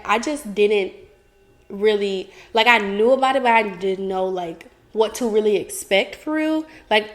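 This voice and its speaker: A young woman hosting a podcast, chatting candidly and casually, giggling and filling her talk with "like". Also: medium pitch. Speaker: podcast host. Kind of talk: casual confessional chat.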